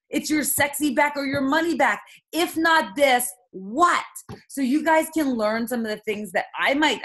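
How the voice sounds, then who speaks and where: A woman with a fairly high voice coaches her sales team on a call. She talks with fired-up emphasis and fires off rhetorical questions.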